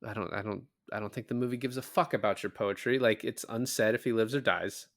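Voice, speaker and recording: Bright-voiced man in casual podcast chat. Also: fairly low pitch, brisk, no echo, studio quality. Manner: animated, swears freely, many fillers. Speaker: podcast co-host. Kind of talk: casual movie review chat.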